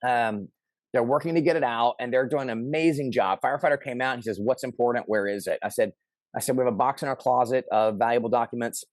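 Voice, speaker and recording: A man's voice: mid-range voice, fast talker, dry recording. Man telling a story, dry close sound. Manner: animated, acts out quoted lines loudly. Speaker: interview guest. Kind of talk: casual storytelling.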